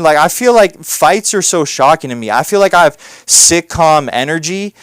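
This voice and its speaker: Man, stand-up comic, smooth resonant voice, dry close sound, rambling. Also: fairly high pitch, fairly bright tone, no echo. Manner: rambling, self-deprecating storytelling with many fillers. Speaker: stand-up comedian. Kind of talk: stand-up set. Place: comedy club stage.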